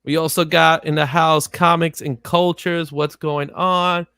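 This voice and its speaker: A man hosting a casual livestream chat, animated and quick to laugh as he greets viewers. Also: a little high, smooth, no echo. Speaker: host.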